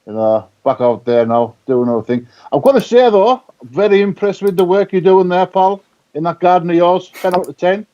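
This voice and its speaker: Bloke doing a back-slapping lad voice, dark and mellow but pitched up a bit, calling everyone pal, sounds a bit far off on the call. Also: male voice, lively intonation, normal speed. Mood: hearty. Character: chummy blokey male friend, hearty and matey. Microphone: video call. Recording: muffled video call audio.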